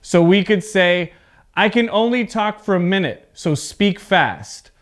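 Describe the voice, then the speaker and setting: A man teaching an English pronunciation lesson on video, speaking deliberately, enunciating each word and repeating words for his students. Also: high-pitched, lively intonation, fairly bright tone. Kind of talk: slow, clear pronunciation lesson. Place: home recording for video.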